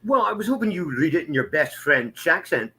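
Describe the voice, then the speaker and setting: A man's voice: a little high, sing-song, a little fast, sharp tone. A man guesting on a casual racing podcast, talking bluntly and swearing casually. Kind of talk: casual race chat.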